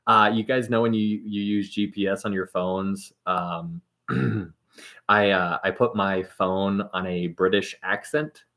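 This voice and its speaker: A man hosts a laid-back livestream, reading viewer comments aloud, rambling, laughing a lot and letting sentences trail off. His voice is low-pitched and fairly bright, and he talks slowly.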